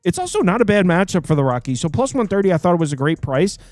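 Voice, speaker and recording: A man's voice: sits high, sing-song, fast, a little mellow, no echo. A man hosting a live sports betting show, talking casually, rambling and correcting himself as he jokes with co-hosts. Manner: rambling, self-correcting, joking.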